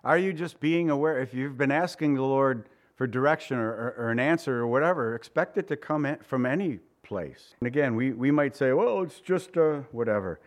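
A man's voice: brisk, few pauses. A man preaching a sermon in a conversational way, asking his listeners questions and acting out quoted voices. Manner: conversational, asks the congregation questions; acts out quoted voices with big pitch swings. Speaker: pastor.

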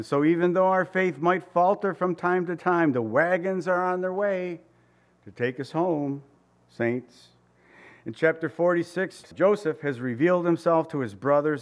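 A man preaching a conversational sermon, asking his listeners questions and voicing quotes. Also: on the high side. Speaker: pastor.

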